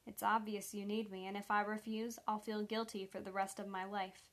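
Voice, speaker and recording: A woman reading the lines of a frightened teenage boy in a quiet, subdued way. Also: mid-range voice, level tone, normal speed, lightly acted.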